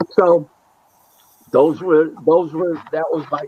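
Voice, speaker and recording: A man's voice: a little high, takes it slowly, long pauses, breathy edge. A man from Buffalo, New York, telling stories as a boxing matchmaker in a casual interview, acting out the dialogue as he goes. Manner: animated storyteller who acts out quoted dialogue. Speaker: boxing matchmaker and booking agent. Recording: dull, lo-fi, dry sound.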